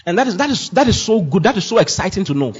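Male preacher, husky and emphatic, with a muffled lo-fi recording. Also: sits high, big pitch swings, quick pace. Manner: emphatic, repetitive declarations, swings from loud to hushed. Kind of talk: sermon. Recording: dull lo-fi sound.

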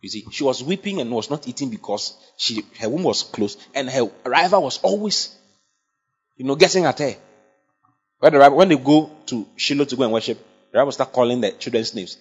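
A man's voice: medium pitch, lively intonation, a little fast, slightly rough. A man preaching a sermon, emphatic and often checking that his congregation follows. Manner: emphatic, asks the congregation for assent. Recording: dull lo-fi sound.

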